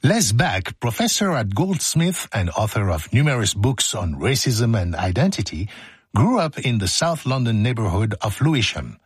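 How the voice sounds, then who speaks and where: A man's voice: mid-range voice, very animated, normal speed, slightly rough, dry recording. A man hosting a radio show, reading his script and joking through outtakes in a playful, self-mocking way from a studio microphone. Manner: jokey, self-mocking, breaks off mid-line. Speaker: radio host.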